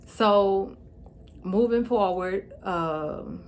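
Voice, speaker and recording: A woman vlogger with a mid-range voice shares her own story with heartfelt emotion, tearful and pausing to steady herself. A stroke slightly affects her speech, and there's slight background noise.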